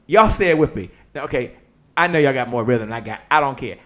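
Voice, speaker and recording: A man's voice: mid-range voice, expressive, a little fast, a bit bright. A man hosting a live online business show, talking with energy and leading the audience in call-and-response declarations like a preacher. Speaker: host. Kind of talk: live-stream motivational talk.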